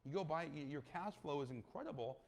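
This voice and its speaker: In a casual interview, a California real estate investor tells stories in an animated way, acting out the people he quotes and capping many sentences with "right?" His voice is fairly high and he talks fast.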